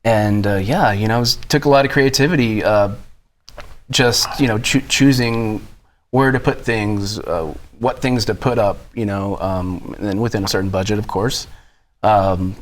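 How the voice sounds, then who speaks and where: A man being interviewed as a bar co-owner who talks in a halting way, repeating words and restarting. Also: on the low side. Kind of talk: conversational interview answers.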